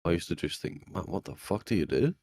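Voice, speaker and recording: A young man with an extremely deep voice chats on a podcast. He is blunt and sweary and tells stories by acting out what people said. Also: expressive, a little fast, a little mellow, a little hiss or hum. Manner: blunt, swearing, storytelling with acted-out quotes. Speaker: podcast co-host. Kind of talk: casual chat.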